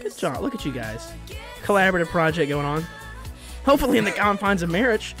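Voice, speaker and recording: A man's voice: high voice, very animated, quick pace. A man hosting a music reaction video, joking, swearing and laughing often in casual chat.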